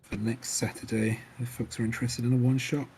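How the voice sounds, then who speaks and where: A man's voice: medium pitch, brisk, slight background noise. A man hosting a casual stream, chatting while he paints miniatures, laughing a lot and swearing freely as he tells stories. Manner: laughs often, swears freely, animated storyteller. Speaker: stream host.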